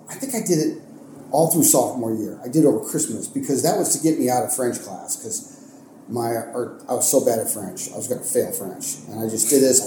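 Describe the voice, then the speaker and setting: A young man from Ohio telling a long, looping story full of fillers and self-corrections. His voice is deep-toned and very warm, never sharp. The room around him rings with echo, and a faint hiss sits underneath. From Ohio, United States. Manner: rambling, animated, many fillers and self-corrections. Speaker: guest, art teacher and wrestling coach. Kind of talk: casual storytelling in a podcast interview. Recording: echoey room with faint noise.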